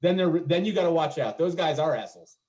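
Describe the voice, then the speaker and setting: A man with a slightly raised pitch works through a stand-up set over a video call. His delivery is loose and chatty, full of self-deprecating riffs and asides to the audience. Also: lively intonation, fast, a little mellow. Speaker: stand-up comedian.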